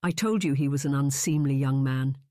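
A narrator voicing a composed, sharp-tongued young lady who speaks flat and measured. Read close and dry as an audiobook character. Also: medium pitch, no echo, close to an everyday voice.

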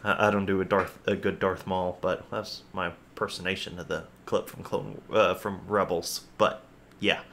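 A man hosting his own reaction vlog, chatting in an excitable, rambling way with lots of fillers and repeated words. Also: low voice, moderate pace, hardly any pauses, noisy background. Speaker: host.

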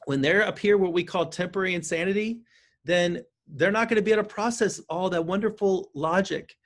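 Guy counselor on an interview, pretty high voice, animated, keeps restarting sentences. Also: brisk. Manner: animated, acts out parent and child lines, frequent restarts. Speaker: counselor and author. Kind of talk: interview guest explaining parenting advice.

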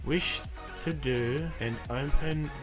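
A man hosting a gaming channel, loudly and sillily commentating a co-op zombie game, yelling, laughing and repeating words. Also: on the high side, slow pace, music in the background. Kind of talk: excited gaming commentary with a friend.

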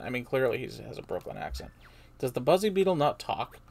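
A woman's voice: a bass voice, big pitch swings, brisk, creaky, a little mellow, a little hiss or hum. A woman playing through a game and commenting, rambling with self-deprecating muttered asides. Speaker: let's player.

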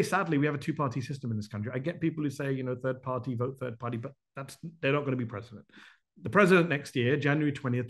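Answering questions from members at a town hall he's hosting, a man speaks unscripted, briskly and with animation. His voice is mid-range, and he ticks off his points one by one, slipping in fast asides.

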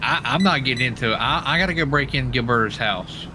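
A man chatting in a game role-play, excitable and quick to laugh. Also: medium pitch, background noise.

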